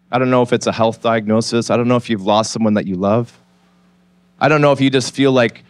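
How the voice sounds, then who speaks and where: A pastor in his forties preaches from a church stage at an ordinary, mid-range pitch for a man. He tells his story in a candid, conversational way and then turns to an earnest appeal. The sound is dry and close, with very little room echo. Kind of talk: sermon.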